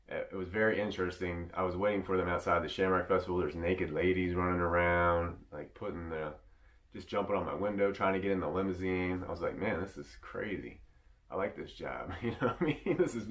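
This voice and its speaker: A man's voice: low-pitched, a bit bright. A man telling a long personal story in a casual, rambling way, with many restarts. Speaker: vlogger.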